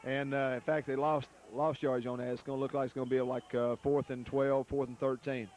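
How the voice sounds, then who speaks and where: Fast-talking folksy color commentator, a man. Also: mid-range voice, little pitch movement, darkish tone, a little hiss or hum. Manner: quick, folksy analysis with frequent repeats. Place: press box at a football stadium.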